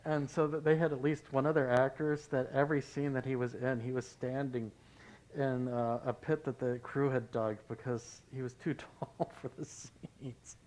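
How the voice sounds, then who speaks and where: A pastor leading a Bible study, talking in a conversational way and telling anecdotes. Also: male voice, mid-range voice, fairly even intonation, normal speed, darkish tone, rough recording.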